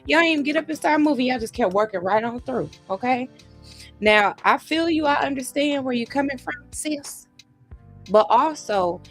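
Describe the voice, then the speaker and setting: A woman hosting a writing livestream, chatting casually and encouraging viewers, her voice shaking from a vibration plate. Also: high-pitched. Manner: chatty, encouraging, uses y'all and sis. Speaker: livestream host of writing sessions.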